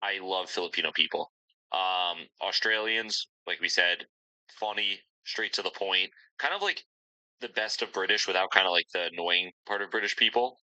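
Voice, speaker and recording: Low, bright-voiced podcast host. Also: male voice, normal speed, no echo, low-quality recording. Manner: rambling and upbeat, leans on ums and likes. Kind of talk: casual podcast chat.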